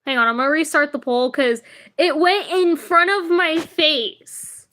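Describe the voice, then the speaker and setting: Young woman, high voice, casual livestream chat, rambling, giggly. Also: unhurried, bright, forceful tone. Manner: rambling and chatty, laughs often.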